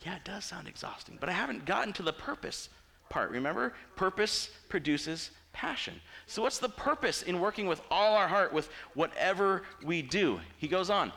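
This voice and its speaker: Animated, bright-voiced male preacher. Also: high voice, normal speed, vocal fry. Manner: animated, conversational, acts out quoted people. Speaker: pastor. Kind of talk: sermon.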